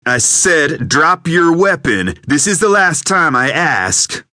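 A man voicing an unhinged, armed southern stranger who talks in a slow drawl in an audiobook. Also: lowish voice, animated, no echo, studio quality, pitched above the performer's own voice. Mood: threatening. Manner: slow drawl, shouting, frantic threats. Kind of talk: audiobook character voice.

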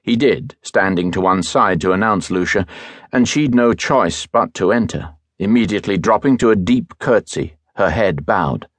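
A man reading an audiobook as narrator, in a measured, even storytelling manner, close to a studio microphone. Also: low-pitched, no room sound. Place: recording studio.

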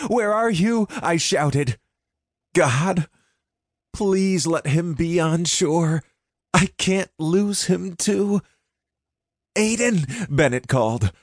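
Guy reading an audiobook in first person, dramatic and intense, medium pitch, unhurried. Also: a little mellow, dry recording, studio quality. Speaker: audiobook narrator.

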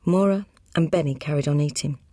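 Woman reading a gangland audiobook, low voice, really dry close recording. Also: mellow, no room sound. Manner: brisk, matter-of-fact storytelling. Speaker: audiobook narrator. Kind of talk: scripted narration.

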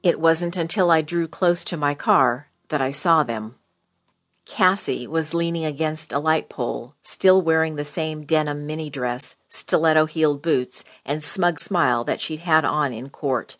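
Low-voiced woman narrating an audiobook. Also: a little slow, a bit bright. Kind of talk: first-person thriller narration.

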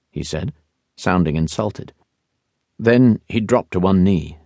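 A man narrating a historical romance audiobook in measured, expressive storytelling. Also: low voice, no echo. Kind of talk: scripted narration.

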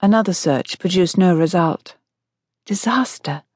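A woman narrating a contemporary romance audiobook in a measured storytelling voice. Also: lowish voice, a little mellow, no room sound, clean studio sound. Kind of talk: scripted narration.

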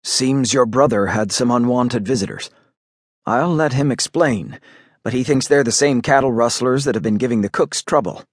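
A man doing a steady frontier doctor, calm and reassuring, in a husky, even voice. It is a western storybook figure, heard close and dry. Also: medium pitch, moderate pace, no echo, natural voice. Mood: grave.

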